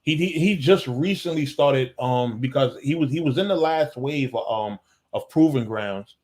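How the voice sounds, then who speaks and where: A man co-hosting a casual livestream chat, relaxed, often repeating a word as he starts a thought. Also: medium pitch, normal speed.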